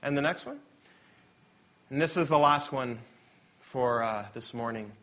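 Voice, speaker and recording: A man preaching a sermon, reading scripture aloud and moving between loud, emphatic passages and quiet asides. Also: medium pitch, a little slow, pauses often.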